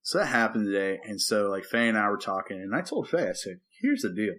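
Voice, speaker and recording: Animated storytelling man on a podcast. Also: on the low side, fairly quick. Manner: animated storyteller who acts out quotes and sings movie lines. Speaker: podcast co-host, preacher. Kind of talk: casual chat, storytelling.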